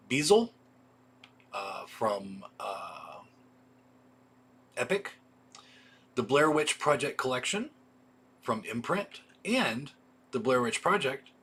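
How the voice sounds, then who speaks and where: A video store host with a mid-range, fairly bright voice runs through products on a casual livestream, reading a list of titles with offhand asides. There's slight background noise.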